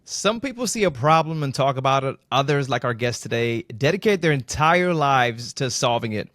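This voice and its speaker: A man's voice: mid-range voice, expressive, normal speed, a bit bright. A man hosting a podcast interview over a video call, enthusiastic and informal. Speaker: podcast host.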